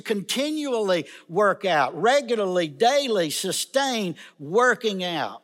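A man's voice: sits high, a bit bright. A man preaching a sermon in a chapel, emphatic and repeating key phrases for stress. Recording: long chapel reverb.

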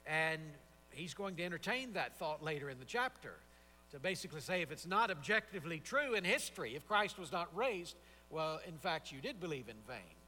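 Man, high-pitched and bright, preaching with emphatic repeated phrases; chapel reverb. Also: sing-song, brisk, slight background noise. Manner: expository, emphatic repetition. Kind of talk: sermon. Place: seminary chapel.

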